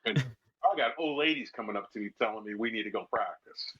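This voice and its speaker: Husky former player telling stories. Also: male voice, on the low side, fast talker. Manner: animated storyteller who acts out quoted voices. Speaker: guest, former football player. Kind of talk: casual interview storytelling. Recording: slightly dull lo-fi sound.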